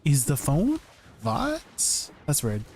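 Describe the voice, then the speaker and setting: A young man chats casually through a live gaming stream, his voice sitting a little high for a man. He rambles, restarts sentences and is easily amused. A faint layer of background noise runs beneath the recording. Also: measured pace. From not British.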